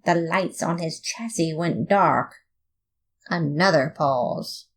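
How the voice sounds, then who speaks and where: A woman reading a comic fan story aloud in playful, expressive first-person narration. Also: low-pitched, slow. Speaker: podfic reader.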